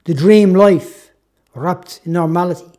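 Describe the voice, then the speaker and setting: A man's voice: sits high, measured pace, mellow. A man reading his own story aloud as a reflective, first-person audiobook narration.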